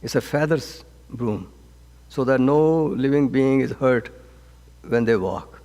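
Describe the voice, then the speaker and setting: A man as a swami teaching a scripture class, speaking gently and haltingly with frequent restarts and repeated words. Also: mid-range voice, lively intonation. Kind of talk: spoken scripture class with counseling advice. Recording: long reverb of a hall.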